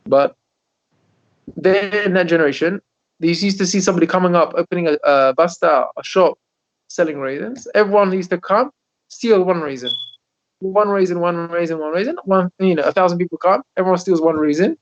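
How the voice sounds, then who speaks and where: A man, a rabbi, telling stories in a Torah class over a video call, animated and often repeating his words. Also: high voice, a little fast. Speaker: rabbi teaching a Torah lesson. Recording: dull lo-fi video call audio.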